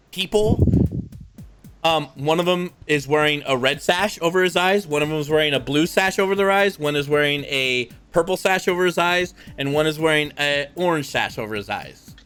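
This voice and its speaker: Slow, rambling man narrating a game. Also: on the high side, a bit bright, smooth. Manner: rambling, filler-heavy. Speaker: game master. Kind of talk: narrating a tabletop role-playing game.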